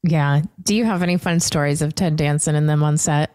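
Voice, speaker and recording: A woman's voice: deep voice, fairly even intonation, brisk, mellow, no room sound. A woman hosting a podcast, chatty and gushing, asking questions with plenty of "like". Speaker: podcast host. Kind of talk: casual interview chat.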